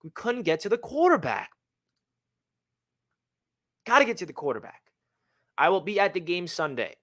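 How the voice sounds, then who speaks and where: A man hosting a casual sports fan livestream, talking in a hyped, excitable way. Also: high voice, moderate pace.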